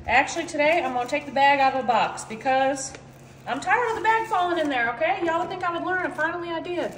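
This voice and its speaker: A high-pitched woman with a drawl chats her way through a home cooking demo. She rambles casually and keeps calling viewers "y'all." The kitchen sounds roomy and echoey, with a faint hum behind her. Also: expressive, quick pace, fairly bright tone.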